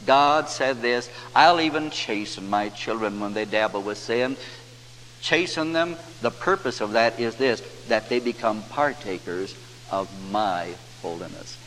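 A man preaching a sermon, quoting scripture and slowing down for emphasis. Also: medium pitch, fairly bright tone. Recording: reverberant hall, faint hum.

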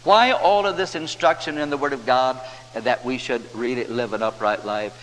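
A man preaching a sermon, quoting scripture and slowing down for emphasis. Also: medium pitch, fairly bright tone. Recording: reverberant hall, faint hum.

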